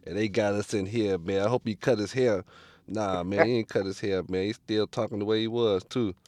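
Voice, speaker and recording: A man's voice: on the low side, fairly even intonation, brisk, a little mellow, no echo. A man from Illinois, a guest in a casual chat, talking loose slang. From Illinois, United States. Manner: loose slang, laughs often. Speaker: guest on a call.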